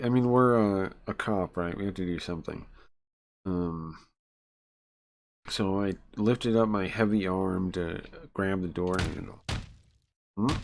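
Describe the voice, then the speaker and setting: A man streaming a visual novel, reading its text aloud and chatting casually between passages, with frequent filler ums. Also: on the low side. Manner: rambling, many filler ums, reads game text and chats between. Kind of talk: casual live-stream chat and read-aloud.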